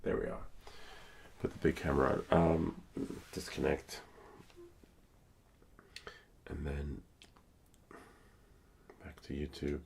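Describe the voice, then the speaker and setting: Man, hoarse and very low-pitched with a gravelly rasp, rambling casual streamer chat. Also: level tone, slow, pauses often, darkish tone, a little hiss or hum. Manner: rambling, thinking aloud with many fillers. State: hoarse, losing his voice. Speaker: live streamer.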